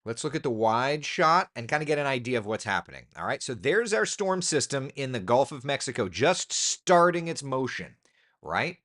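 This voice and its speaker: Lively chatty man presenting the weather. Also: medium pitch, moderate pace. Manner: relaxed, chatty, thinking aloud with ums and asides. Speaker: TV meteorologist. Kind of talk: casual weather chat.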